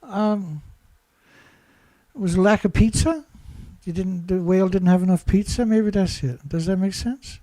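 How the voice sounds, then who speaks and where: A man's voice: high voice, unhurried, warm tone, no echo. A man commentating alone in a sarcastic, mocking way, firing off rhetorical questions, laughing and leaning hard on key words. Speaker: environmental commentator.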